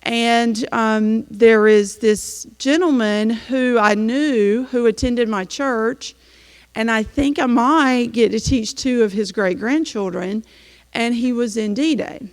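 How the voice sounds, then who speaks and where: A woman's voice: on the high side, slow pace. Chatty woman in echoing hall. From North Carolina, US. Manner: chatty storytelling with frequent "um"s. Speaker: teacher presenting to an audience. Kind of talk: slideshow presentation. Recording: long hall reverb.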